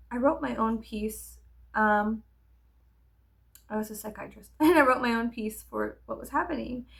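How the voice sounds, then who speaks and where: A woman's voice: a little high, gravelly. A woman vlogger telling a candid, rambling story in casual get-ready-with-me chat, swearing freely.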